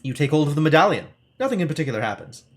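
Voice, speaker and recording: A man's voice: a little high, very animated, very fast. A man streaming live, reading a gamebook aloud with wry asides as he plays.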